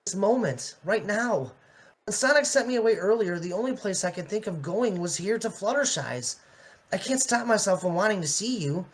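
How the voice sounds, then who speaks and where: A woman's voice: mid-range voice, lively intonation, moderate pace, lightly acted. A woman voicing Chris, a shy and affectionate young man, in an amateur fan drama. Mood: earnest.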